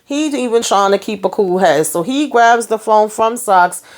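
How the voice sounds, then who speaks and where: She's a young adult woman reviewing a TV episode, animated and chatty, speaking at a moderate pace in a mid-range voice. Her phrasing is slangy and full of fillers, and she acts out what the characters say.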